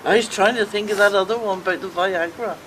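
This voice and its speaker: A woman's voice: medium pitch, fast talker, very noisy. An older woman, telling jokes to friends and briefly voicing each character in a homely way. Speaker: joke teller.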